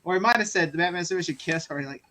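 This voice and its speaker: A man's voice: high-pitched, very fast, sharp tone, a little hiss or hum. A young man hosting a casual movie chat, telling rambling stories and laughing as he acts out what people said. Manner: rambling, laughing storyteller who acts out voices. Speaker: host.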